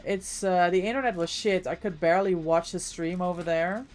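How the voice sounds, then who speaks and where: A woman's voice: fairly low pitch, steady tone, moderate pace, a little mellow, slight background noise. A woman livestreamer chatting casually with her viewers while she plays, thanking them by name as she goes.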